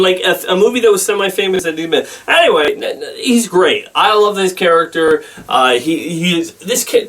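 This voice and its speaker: A man giving a casual spoken film review, rambling and halting with many restarts and fillers. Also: fairly high pitch, fairly bright tone, recorded from a distance. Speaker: movie reviewer.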